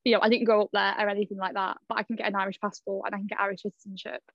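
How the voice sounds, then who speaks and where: A young woman co-hosting a podcast, chatty and quick, laughing easily in casual talk. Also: mid-range voice, level tone, gravelly, dry recording, dull audio. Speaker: podcast co-host. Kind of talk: casual chat.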